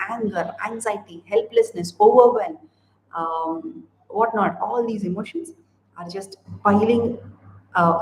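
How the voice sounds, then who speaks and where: A woman's voice: medium pitch, darkish tone. A woman parenting coach talking straight to parents in an earnest way. She piles up repeated phrases in long lists. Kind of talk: direct-to-camera advice talk. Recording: roomy echo with faint background noise.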